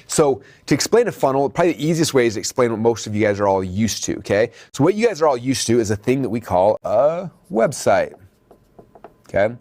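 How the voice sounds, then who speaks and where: A man teaching an online business course in an energetic, motivational style, speaking straight to the viewers and often checking in with "okay?". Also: medium pitch. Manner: addresses viewers as "you guys". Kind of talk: motivational video training.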